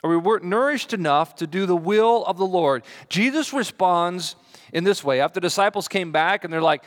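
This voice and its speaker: A man preaching a sermon as pastor, animated, acting out quoted voices with big jumps in pitch. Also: moderate pace, long reverb tail. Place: church sanctuary.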